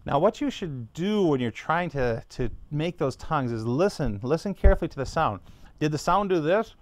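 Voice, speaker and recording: A man's voice: fairly high pitch, lively intonation, moderate pace. Patient man teaching beginner trumpet. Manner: patient, step-by-step, demonstrates syllables aloud. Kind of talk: beginner music lesson.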